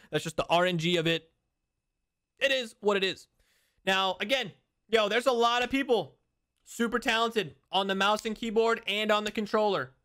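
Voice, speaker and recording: A man's voice: sits high, fairly bright tone, clean tone, dry recording, studio quality. A young man giving casual, slangy gaming commentary, hyped and repeating himself. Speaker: gaming YouTuber.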